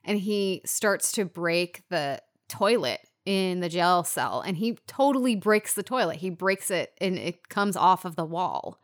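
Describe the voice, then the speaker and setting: A woman co-hosting a casual film discussion podcast, animated and swearing freely as she retells scenes. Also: on the low side, unhurried, hardly any pauses. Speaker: podcast co-host.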